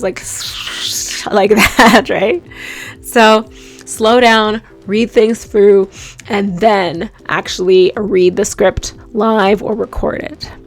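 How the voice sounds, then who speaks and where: Chatty young woman sharing mic tips, lots of likes and you-knows, soft music behind. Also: mid-range voice, steady tone, unhurried, gravelly. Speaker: voice-over and radio host giving tips. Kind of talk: casual tips vlog.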